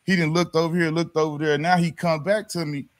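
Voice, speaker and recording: A man, a former pro basketball player, telling a story as a podcast guest, animated and slangy and laughing as he goes. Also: fairly high pitch, fairly quick. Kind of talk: casual storytelling in a conversation.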